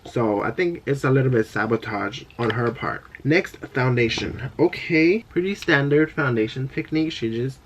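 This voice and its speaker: A man's voice: medium pitch, animated, normal speed, hardly any pauses, slight background noise. A young man vlogging casually at home about makeup, chatty and bubbly, drifting into tangents. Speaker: beauty vlogger. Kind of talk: casual vlog chat.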